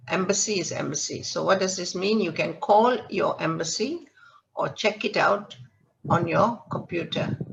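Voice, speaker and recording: A man's voice: sits high, gravelly, a bit bright. A man teaching a language lesson, patiently explaining words one at a time and checking in with the listener. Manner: patient, explains word by word with checks like "all right?". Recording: dull lo-fi recording with faint hiss.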